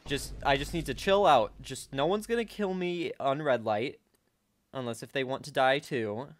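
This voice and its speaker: A man giving casual gameplay commentary, talking to himself and breaking into sudden high-pitched outbursts at a desk microphone. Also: moderate pace. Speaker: gaming channel host.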